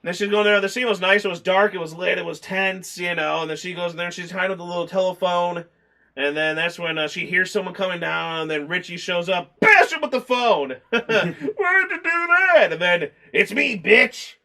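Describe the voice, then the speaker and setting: A man's voice: high voice, a little fast, creaky, pushed and bright. A man chatting casually through a movie review, rambling and acting out scenes in mock voices. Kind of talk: casual film review chat.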